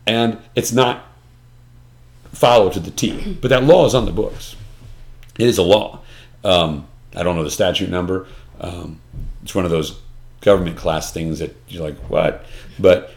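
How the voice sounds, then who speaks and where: Earnest man with a lowish voice. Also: a little mellow. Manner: earnest, emphatic, repeats words when restarting. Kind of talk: conversational discussion.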